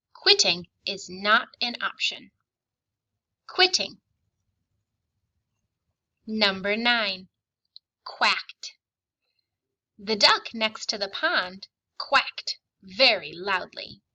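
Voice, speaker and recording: A woman teaches a recorded lesson with a bright, forward tone. She speaks slowly, carefully sounding out each spelling word and sentence. Her manner is patient and encouraging. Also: medium pitch, rough recording. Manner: slow, clearly enunciated dictation, patient and encouraging.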